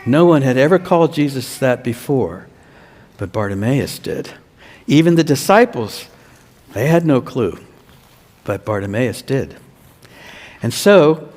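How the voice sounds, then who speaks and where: A man, a pastor, telling a children's sermon as a slow story and asking the children questions. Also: fairly high pitch, sing-song, a little mellow. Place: church. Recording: long church reverb.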